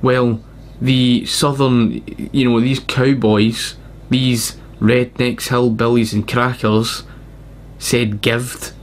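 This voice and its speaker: Slow, emphatic Scottish man. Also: mid-range voice, little pitch movement, a little hiss or hum. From Scotland. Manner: rambling, emphatic, repeats points. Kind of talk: casual explanatory monologue.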